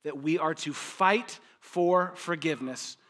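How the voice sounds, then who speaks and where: A man's voice: on the high side, a little slow, a bit bright. A man preaching a sermon as pastor, emphatic and conversational, repeating phrases for effect and joking with his listeners.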